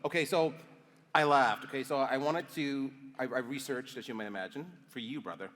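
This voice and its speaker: A man in his fifties hosts a conversation on stage in a chatty, joking way. His pitch sits in the middle of the usual range. A long hall reverb trails his words. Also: brisk, a bit bright, slight background noise. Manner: chatty, jokey, frequent yeahs. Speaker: event host. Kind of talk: onstage interview. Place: large hall with audience.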